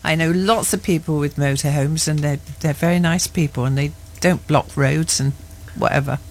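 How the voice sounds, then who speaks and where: A woman's voice: sits low, normal speed. A woman co-presenting a radio show, teasing her co-host with mock indignation and frequent giggles. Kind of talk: playful radio banter.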